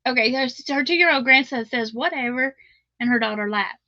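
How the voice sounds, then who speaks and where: Southern woman, middle-aged, chatty and laughing, bright higher voice, dry dull stream audio. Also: moderate pace, no room sound. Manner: chatty, laughs often, reads viewer comments aloud. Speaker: crochet livestream host. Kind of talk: casual chat while crocheting live.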